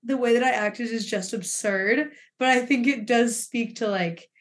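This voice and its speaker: A young woman co-hosting a podcast, telling a story in casual chat with an animated, laughing, swearing delivery. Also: a little high, moderate pace. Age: young adult. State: emotional. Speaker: podcast co-host.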